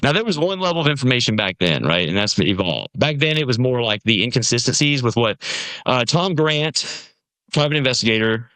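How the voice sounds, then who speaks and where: Animated man telling a story. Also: medium pitch, a little fast, no echo. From Nashville, USA. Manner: animated storyteller, acts out quoted voices. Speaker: podcast guest, musician. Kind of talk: casual storytelling conversation.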